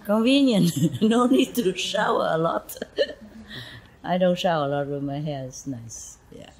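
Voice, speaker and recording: A woman's voice: lowish voice, measured pace, darkish tone, a little hiss or hum, poor audio. A woman spiritual teacher giving an informal talk to her followers, telling stories in a chatty way and laughing often. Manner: chatty storytelling, frequent laughter, asides like "you know".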